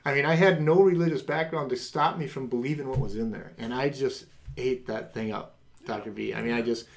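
A man's voice: a little fast, gravelly. A middle-aged man hosting a podcast, telling a personal faith testimony and acting out the voices of people in it. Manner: animated, acts out quoted voices with big pitch jumps. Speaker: podcast host.

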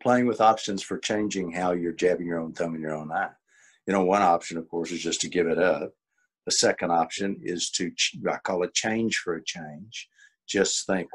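A man's voice: low voice, normal speed, slightly rough. An older man leading a coaching webinar, explaining in a folksy way with acted-out examples over a video call. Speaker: coach and workshop leader. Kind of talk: teaching a webinar.

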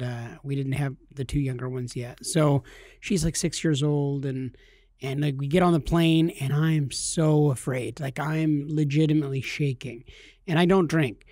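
A man in his thirties, a podcast co-host, telling a funny story casually and jumping into high, shouty voices when he quotes people. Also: no echo, studio quality.

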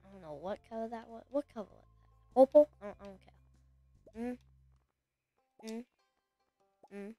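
A woman streaming a video game, chatting casually and talking to the characters on screen with sudden excited exclamations. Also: on the high side, normal speed, long pauses, faint music behind. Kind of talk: casual gameplay commentary.

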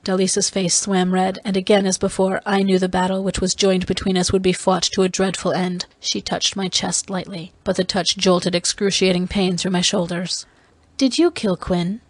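A woman reading a novel aloud in first person, steady and even. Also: on the low side, moderate pace, hardly any pauses, dry recording. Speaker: audiobook reader.

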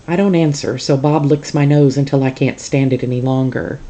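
A teacher reading a novel aloud to a class in a calm, steady storytelling manner. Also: mid-range voice, normal speed, hardly any pauses.

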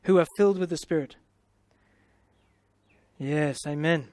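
High-voiced Australian preacher, dry sound. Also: male voice, measured pace, darkish tone, no echo. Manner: exclamatory, punctuating with hallelujah and amen; playful, paraphrasing scripture in everyday speech. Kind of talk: sermon teaching.

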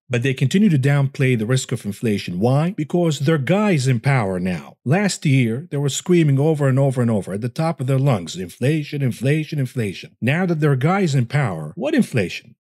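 A man's voice: mid-range voice, a little mellow, slightly rough, no echo, clean studio sound. A man hosting market commentary, combative and scornful, asking rhetorical questions and answering them himself.

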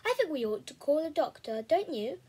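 A woman's voice: sits high, very animated, a little fast, dark tone, voice pushed up. Worried, fussing teenage sister for a read-aloud storybook, voiced by a woman. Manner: fretful, fussing. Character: fussy caring teenage sister.

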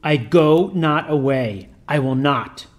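A man's voice: a little high, animated, normal speed, natural voice. A man putting on a growling, defiant demon. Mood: defiant groaning. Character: raging demon possessing a boy.

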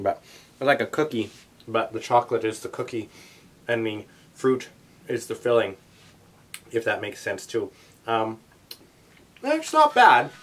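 A young man vlogging a taste test, talking in a rambling, chatty way with many asides. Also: mid-range voice. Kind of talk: casual chat to camera.

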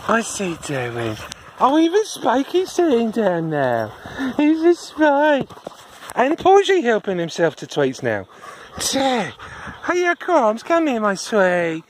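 A woman's voice: fairly high pitch, wildly swooping pitch, slow pace, slight background noise. Sing-song woman cooing at dogs. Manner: coos and chuckles at dogs in sing-song baby talk. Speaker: dog walker. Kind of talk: chatty video diary talking to dogs. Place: outdoors on a dog walk.

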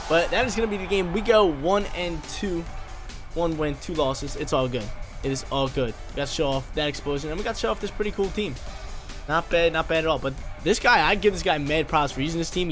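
Hyped-up gamer guy narrating his match, kinda high voice, music going loud behind him. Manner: excitable, trash-talking, playful. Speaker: gaming YouTuber. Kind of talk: casual live game commentary. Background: background game music.

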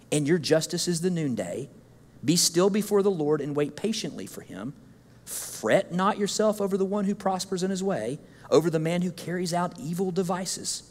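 Male preacher, high-pitched and animated, jokey, lively sermon delivery, church hall reverb. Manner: animated, jokey, acts out listeners' complaints. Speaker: guest speaker. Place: church sanctuary.

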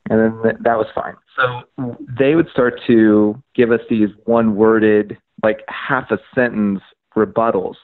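A man telling his story as a podcast guest, animated, acting out conversations and using lots of "like" and "um". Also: medium pitch, a little slow, phone-quality sound. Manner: frequent fillers like "like" and "um". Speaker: podcast guest, media outlet founder.

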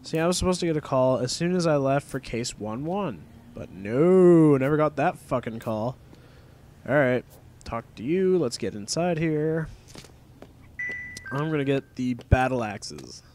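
A man's voice: medium pitch, animated, moderate pace, a little mellow, slight background noise. Young man rambling over gameplay. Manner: rambling, swears casually, easily annoyed. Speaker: gameplay commentator. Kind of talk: casual let's-play commentary.

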